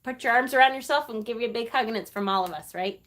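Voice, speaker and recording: A woman's voice: on the high side, fast, a bit bright. A middle-aged woman hosting a casual live stream, chatty and affectionate, with many fillers and emotional asides. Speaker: livestream host.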